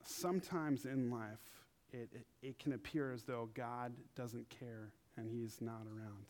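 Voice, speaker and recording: A young man preaching in a casual, animated way, acting out quotes in funny high voices. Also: measured pace. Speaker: pastor. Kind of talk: casual sermon.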